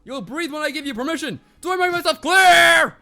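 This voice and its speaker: A man voicing a gruff, pompous male drill sergeant major who barks commands and sneers insults at cadets while reading a visual novel on stream. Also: extremely high pitch, fairly quick, sharp tone, soft background music, voice pushed up, heavily acted. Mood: barking.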